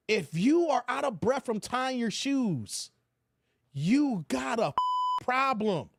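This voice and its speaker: A man's voice: very high-pitched, expressive, slow pace, creaky. A man hosting his own channel, giving blunt, preachy livestream commentary. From United States. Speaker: channel host.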